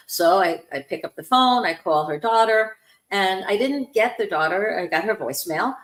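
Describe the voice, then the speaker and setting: A woman hosting a spiritual talk show, telling a story warmly and acting out the voices in it. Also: medium pitch, normal speed, echoey room. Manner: animated storyteller, acts out quoted voices. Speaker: host, spiritual medium.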